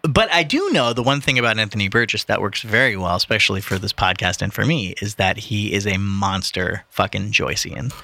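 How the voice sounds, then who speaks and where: A man hosting a casual podcast with friends, swearing freely and trailing off with fillers, who slows into a measured read when reading a novel aloud. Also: fairly low pitch, creaky, sharp tone, no echo.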